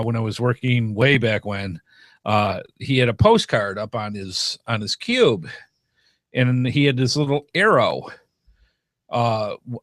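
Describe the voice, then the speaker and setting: A middle-aged man co-hosts a podcast in relaxed, casual chat. He tells rambling stories, jokes often and restarts his sentences. His voice sits at an ordinary pitch, recorded close and completely dry. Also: dry recording. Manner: joking, rambling storyteller with frequent restarts. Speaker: podcast co-host.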